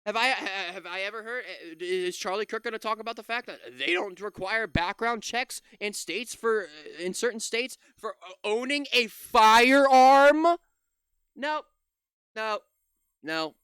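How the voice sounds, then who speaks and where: A man's voice: sits high, moderate pace, few pauses, sharp tone, smooth, no echo, clean studio sound. A man commentating on video clips, ranting angrily with lots of swearing and stumbling restarts. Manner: heated, profane, ranting with many restarts. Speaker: political commentator reacting to clips. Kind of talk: angry reaction commentary.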